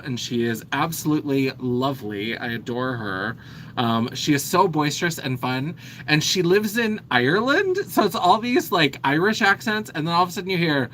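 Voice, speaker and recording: Brief: chatty, self-deprecating male livestream host, bright voice, faint rumble behind. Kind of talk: casual livestream chat.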